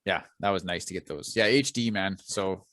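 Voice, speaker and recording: Brief: male podcast co-host, lowish voice, dry close sound, casual storytelling, swears. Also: moderate pace, a bit bright, dry recording. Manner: laid-back, swears freely, tells stories. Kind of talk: casual chat.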